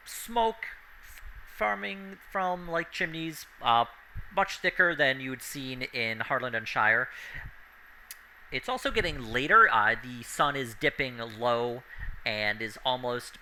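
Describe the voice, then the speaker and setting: A man running a tabletop game and describing the scene in a loose, rambling way full of fillers. His tone is very bright, and faint ambient noise sits behind him. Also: medium pitch, lively intonation, slow pace, rough recording. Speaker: game master.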